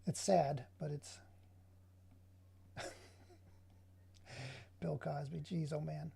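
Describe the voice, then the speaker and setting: Gravelly, husky man ranting while working. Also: on the high side, little pitch movement, drawn-out words, dark tone. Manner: rambling, sarcastic ranting asides. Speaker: digital artist streaming his work. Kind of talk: casual running commentary while working.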